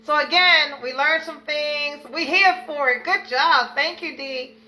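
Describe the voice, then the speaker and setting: High bright effusive woman hosting a livestream. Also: a little slow, slight background noise, rough recording. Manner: effusive, greets viewers by name. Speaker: livestream host. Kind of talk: live self-care stream chat.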